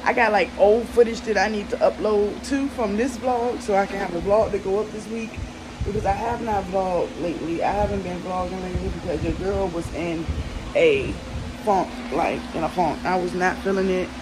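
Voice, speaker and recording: A woman's voice: medium pitch, normal speed, background noise. A young woman with a Southern American accent, chatting casually and bluntly to her viewers, swearing freely, recorded at home on a phone. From Southern United States. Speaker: vlogger. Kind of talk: casual vlog chat. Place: at home, in bed.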